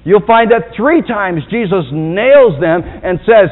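A man preaching a sermon as pastor, swinging from soft, low asides to loud, high-pitched exhortations. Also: expressive, takes it slowly, few pauses. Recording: tinny phone-like sound in a reverberant hall.

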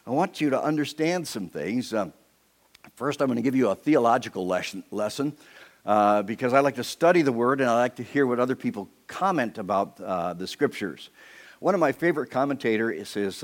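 A man preaching a sermon to his church as pastor, telling a personal story and putting on voices for the people in it. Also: mid-range voice.

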